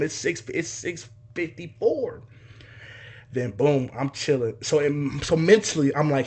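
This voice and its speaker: A man's voice: a little high, moderate pace, husky. A young man casually telling a personal story, swearing freely and acting out other people's voices and sound effects. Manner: animated, profane, acts out voices and sound effects.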